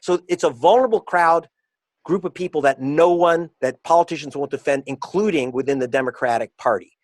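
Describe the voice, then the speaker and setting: A man being interviewed as an author and reporter, talking in an emphatic, combative way and slowing down to stress his points. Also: fairly high pitch, no echo. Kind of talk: interview guest.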